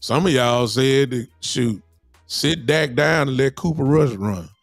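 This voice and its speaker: A man's voice: medium pitch, a little slow, vocal fry, no room sound, faint music behind. A man co-hosting casual sports talk who makes his points in an insistent, preachy, slangy way. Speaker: sports podcast co-host.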